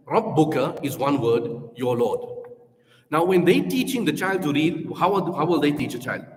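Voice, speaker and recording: A man with a South African accent speaks to parents at a school information session. He explains earnestly point by point, in a fairly high voice that rings out in an echoey hall with long reverb. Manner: earnest, explanatory, numbered points, models recitation aloud. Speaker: school Quran programme presenter.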